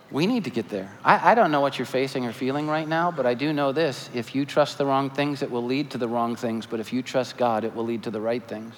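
A man in his forties preaching a sermon as pastor, animated with joking asides and earnest appeals. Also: mid-range voice, a little hiss or hum. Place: church sanctuary. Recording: church hall reverb, faint ambience.

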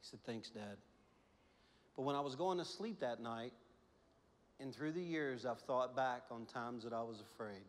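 A pastor preaching a sermon in a church, telling a lively story with frequent laughter, then leading prayer. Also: male voice, mid-range voice, normal speed. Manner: animated storytelling, laughs often, swings from hushed to loud. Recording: long church reverb.

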